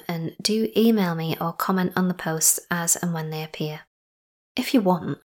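A woman hosting a podcast, chatty and enthusiastic, sometimes dropping to a soft whisper. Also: on the low side. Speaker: podcast host. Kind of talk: casual podcast narration.

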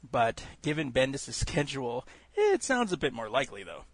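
A man co-hosting a casual podcast chat, laughing often and breaking into loud mocking impressions. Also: medium pitch, huge pitch swings, normal speed, no echo. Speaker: podcast co-host.

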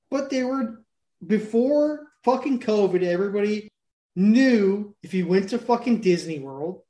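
A man co-hosting a podcast, talking in a crude, rambling, animated way and telling stories full of swearing. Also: high-pitched. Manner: profane, rambling, animated storytelling. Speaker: podcast co-host. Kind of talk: casual crude chat.

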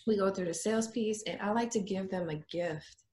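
Lively woman photographer telling stories, roomy. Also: a little fast. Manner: lively, acts out her clients in a high voice. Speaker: boudoir photographer. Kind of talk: casual interview storytelling.

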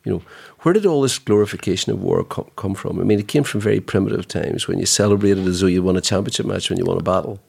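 A man's voice: low voice, fast, creaky, hardly any pauses, darkish tone, breathy edge. A man, co-hosting a podcast and arguing his points emphatically with sardonic asides. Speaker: podcast co-host. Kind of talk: casual podcast debate.

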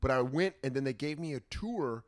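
Animated American man telling stories. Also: mid-range voice, fairly quick, no echo. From United States. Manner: animated storyteller, swears freely. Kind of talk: casual chat.

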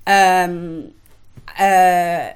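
A woman with a slightly low voice tells her own story as a podcast guest. She speaks frankly and emotionally and swears without holding back. She often halts and restarts mid-sentence. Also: steady tone, clean tone. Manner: halting, with restarts. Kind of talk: candid personal storytelling.

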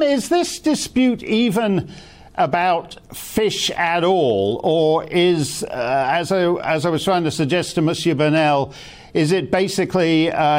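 Sardonic high-voiced man presenting the news. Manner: sardonic, wry and theatrical. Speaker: guest presenter of a TV news talk show. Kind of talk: opinionated news commentary.

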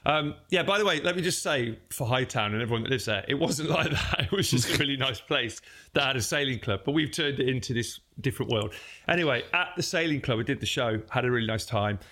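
A man's voice: mid-range voice, fast talker. A man, co-hosting a podcast and telling stories in casual chat, acting out the voices of people in them. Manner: animated storyteller, puts on voices in quotes. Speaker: podcast co-host.

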